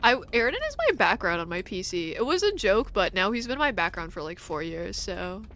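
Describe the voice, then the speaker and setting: A woman's voice: mid-range voice, sing-song, a little fast, a bit bright, a little hiss or hum. A young woman streaming a game, chatting casually with her viewers, giggly, teasing and swearing freely. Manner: giggly, profane, teasing toward chat. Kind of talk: casual chat over gameplay.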